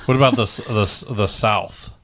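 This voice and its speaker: A man from the Midwest co-hosts a podcast in a low voice. He rambles in casual chat, restarts often and drifts off on tangents. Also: normal speed, fairly bright tone. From American Midwest. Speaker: podcast co-host.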